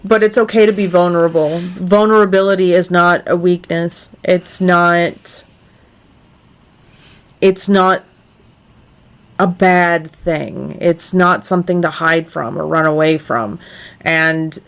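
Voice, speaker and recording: A young woman co-hosts a relaxed podcast, speaking in an unhurried, earnest way. Her voice sits a little low for a woman, and she leans on "like" as she searches for words. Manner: earnest, lots of "like" fillers. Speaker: podcast co-host. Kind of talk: casual podcast chat.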